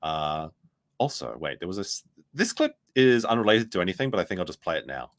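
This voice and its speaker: A man's voice: low-pitched, sing-song, brisk. Sarcastic rambling male commentator. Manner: sarcastic, rambling, mimics others in quotes. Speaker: commentary streamer. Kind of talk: mocking commentary on clips.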